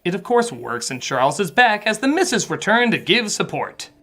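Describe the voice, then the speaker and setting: A woman reviewing a film as comedic narration, sarcastic, with sudden shouted outbursts. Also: mid-range voice, sing-song, moderate pace.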